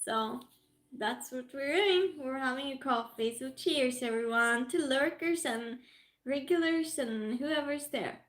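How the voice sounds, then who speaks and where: Chatty high-voiced Norwegian-accented woman streamer. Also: unhurried, a bit bright. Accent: Norwegian-tinged British English. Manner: chatty, greets viewers by name, reads comments aloud. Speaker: livestream host. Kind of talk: casual live-stream chat with viewers. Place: home room. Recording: echoey room, faint music.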